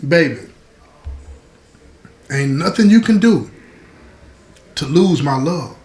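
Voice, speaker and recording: A woman's voice: on the low side, expressive, a little slow. A man voicing a loving, firm mother who soothes her daughter while teaching her a lesson. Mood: tender. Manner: soothing yet instructive. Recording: roomy echo.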